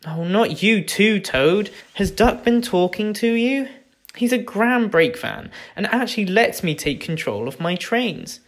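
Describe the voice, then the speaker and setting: A man's voice: high-pitched, lively intonation, a little slow, a bit bright, voice pushed up, heavily acted. A man doing a proud, flustered little engine. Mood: indignant. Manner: indignant, panicky when scared. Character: stubborn proud male tank engine, easily flustered.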